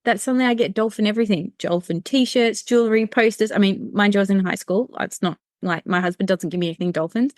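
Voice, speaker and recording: A woman's voice: medium pitch, fast, hardly any pauses, dry recording, clean studio sound. A woman hosting a podcast interview, chatting casually and affirming her guest often. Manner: warm, affirming listener with frequent agreement. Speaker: podcast host.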